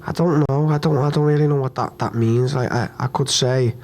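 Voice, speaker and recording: A young man speaks at a post-fight press conference, his voice at an ordinary middle pitch. He is upset and hurt after losing, and talks bluntly and haltingly, repeating himself and swearing as he goes. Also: steady tone, a little mellow.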